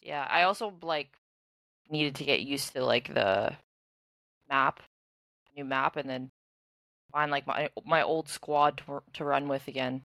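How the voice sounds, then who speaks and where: A woman's voice: extremely low pitch, a little slow, gravelly, pauses often, a bit bright, dry recording. A young woman co-hosting a podcast, rambling casually and full of "like". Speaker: podcast co-host and streamer. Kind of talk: casual chat.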